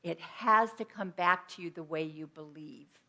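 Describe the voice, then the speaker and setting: A woman's voice: on the low side, measured pace, sharp tone. A woman minister giving an earnest, personal sermon in a conversational teaching style with everyday examples.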